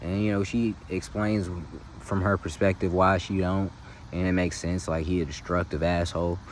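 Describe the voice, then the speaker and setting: A man's voice: low-pitched, little pitch movement, normal speed, a little hiss or hum. A man casually retelling a film's plot in slangy, loose talk, often checking in with the listener. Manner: slangy, loose, full of "you feel me" asides. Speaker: movie recap host. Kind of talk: casual film recap.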